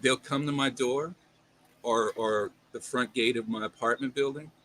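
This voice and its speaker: Man, casual chat, emphatic and salty, bright forward tone. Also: medium pitch, fairly even intonation, moderate pace, a little hiss or hum. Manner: emphatic, profane complaining.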